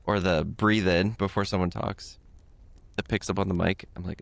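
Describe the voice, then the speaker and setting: A man's voice: sits low, flat delivery, moderate pace, gravelly. A man co-hosting a casual podcast, easygoing and rambling with lots of fillers. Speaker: podcast co-host.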